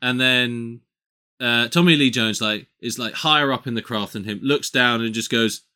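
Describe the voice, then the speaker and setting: Animated, bright-voiced man retelling a film. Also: mid-range voice, normal speed, clear, resonant tone. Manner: animated storyteller, swears freely. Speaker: podcast co-host. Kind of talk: casual film-review chat.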